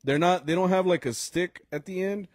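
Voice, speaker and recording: A man's voice: high-pitched, normal speed, darkish tone, no echo, studio quality. A young man co-hosting a podcast, telling gig stories in a loose, laughing way, full of fillers and dropping into Spanish slang. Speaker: podcast co-host and mariachi musician. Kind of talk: casual chat at a live podcast taping.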